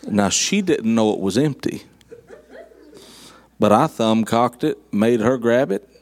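A man's voice: medium pitch, expressive, unhurried, a little mellow. A middle-aged man, preaching a sermon in a folksy, storytelling way with dry humor. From southern United States. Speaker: guest preacher.

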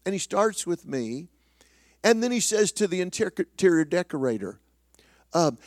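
Animated man telling a sermon story. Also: high voice, normal speed, dry recording, studio quality. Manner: animated, self-deprecating storyteller with many restarts. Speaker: preacher.

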